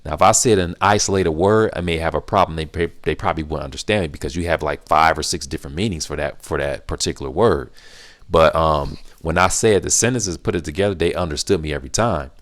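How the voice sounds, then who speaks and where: A middle-aged man with a low voice talks straight to his viewers, answering their questions. He leans on repetition, saying key phrases again and again for emphasis. The delivery is casual and earnest, like advice given to a friend. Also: fast talker. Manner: emphatic, repetitive, animated when acting out reactions. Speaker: language-learning channel host.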